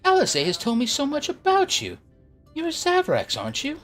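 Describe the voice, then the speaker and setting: A man's voice: very high-pitched, wildly swooping pitch, normal speed, a bit bright, faint music behind, pitched above the performer's own voice, exaggerated voice. A man voicing a starstruck young woman from a video game who gushes over meeting someone she admires.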